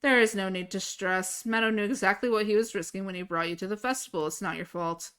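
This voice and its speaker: Woman reading as a blunt, gruff-on-the-surface older general, read in a hushed, bright-edged voice. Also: mid-range voice, fast, lightly acted. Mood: gentle. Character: blunt older male general, quietly caring. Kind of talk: reading her own book aloud.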